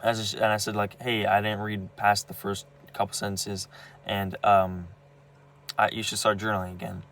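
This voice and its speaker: His delivery is flat, at normal speed, in a fairly low and fairly bright voice. This young vlogger is angry about his family, and his venting monologue is packed with profanity, false starts and repeated words.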